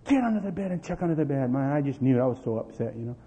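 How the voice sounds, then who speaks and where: A man's voice: medium pitch, rapid-fire. A middle-aged man preaching and telling family stories, acting out the dialogue with bursts of energy. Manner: animated storyteller, acting out quoted dialogue, laughing. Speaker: pastor. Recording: tinny lo-fi with long hall reverb.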